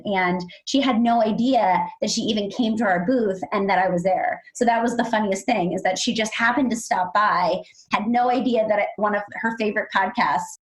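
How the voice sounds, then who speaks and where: A woman co-hosting a podcast, chatting casually and telling lively stories with acted-out quotes. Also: rough recording. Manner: animated storyteller, acts out quotes in a high excited voice. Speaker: podcast co-host.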